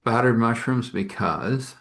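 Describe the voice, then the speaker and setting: A man's voice: mid-range voice, measured pace, fairly bright tone. A man narrating an improvised story in a casual, rambling way, full of chatty asides.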